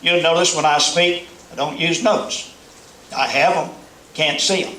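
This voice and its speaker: A middle-aged man with a Southern drawl delivers a folksy, joking keynote to a live crowd. His voice sits fairly high for a man. The recording is echoey, and a loud room ambience runs underneath. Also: fairly even intonation, measured pace, very noisy. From American South. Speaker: motivational speaker. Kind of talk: humorous keynote speech. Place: large hall before a live audience.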